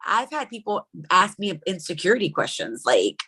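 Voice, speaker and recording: A woman co-hosting a casual podcast chat, loud and exclamatory, often breaking into laughter. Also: mid-range voice, sing-song, moderate pace, husky. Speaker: podcast co-host.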